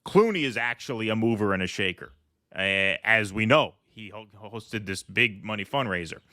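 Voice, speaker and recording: Wry, bright-voiced male commentator. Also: on the low side, expressive, moderate pace, no echo, clean studio sound. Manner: wry, conversational, reads quotes aloud. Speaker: political commentary co-host. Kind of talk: casual political commentary chat.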